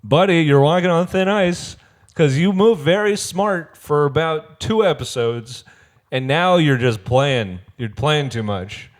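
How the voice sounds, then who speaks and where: A man co-hosting a casual podcast, swearing freely and acting out quotes in high put-on voices. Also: expressive, unhurried. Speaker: podcast co-host. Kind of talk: casual chat recapping a reality show.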